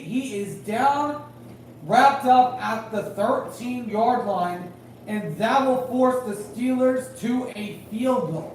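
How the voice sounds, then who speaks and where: High-voiced play-by-play man in an echoey room. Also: slow pace. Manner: rambling, hedging with fillers, excited on big plays. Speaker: amateur game commentator and high school official. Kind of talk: casual live play-by-play with reaction. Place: at home at night. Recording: very echoey room, distant mic, faint noise.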